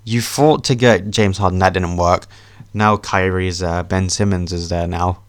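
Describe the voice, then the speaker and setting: Deep-voiced man ranting casually. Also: measured pace, smooth, dry recording. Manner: animated, swearing, ranting with laughs. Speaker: podcast host. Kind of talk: casual sports rant.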